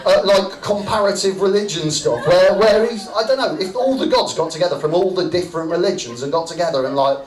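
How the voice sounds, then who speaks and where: A man's voice: high voice, fairly quick, few pauses. A man doing a stand-up comedy set on stage, rambling and cheeky, tagging lines with "right?". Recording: roomy echo from far off.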